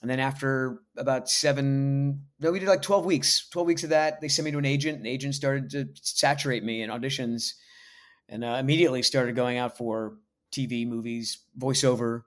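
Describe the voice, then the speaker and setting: An American voice actor in his forties, appearing as a guest in a casual interview, tells stories in a laid-back, halting, self-deprecating way. His voice is mid-range and his tone steady.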